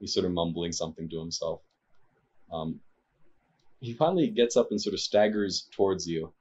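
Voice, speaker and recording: A man runs a tabletop game, narrating in a hesitant way with frequent fillers. His voice is husky and lowish, and his mic sounds dull and lo-fi. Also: moderate pace, darkish tone. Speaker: game master.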